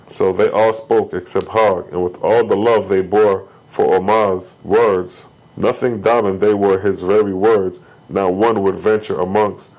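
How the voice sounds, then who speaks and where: Low-voiced man reading scripture solemnly. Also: darkish tone, rough recording. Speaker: scripture reader.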